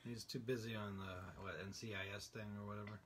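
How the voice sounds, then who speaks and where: A man co-hosting a podcast, chiming in with short, quiet, dry remarks. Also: on the low side, fairly even intonation, a little fast. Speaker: podcast co-host. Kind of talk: casual chat.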